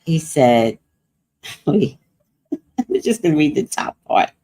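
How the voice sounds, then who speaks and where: Speaking slowly in a low voice, an older woman running a livestream recounts something from her own life in casual conversation. Her storytelling is lively, and she quotes and acts out other people's lines.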